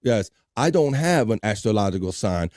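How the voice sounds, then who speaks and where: A man's voice: lowish voice, lively intonation, normal speed, darkish tone. Laid-back man hosting a livestream. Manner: loose, laughing, swearing, reading chat aloud. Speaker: host. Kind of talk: casual livestream chat.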